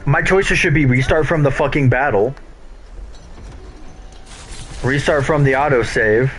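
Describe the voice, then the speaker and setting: A man's voice: medium pitch, measured pace, a bit bright, slight background noise. A young man casually commenting on his own gameplay, swearing and ranting angrily at the game. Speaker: gameplay streamer. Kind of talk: casual let's play commentary.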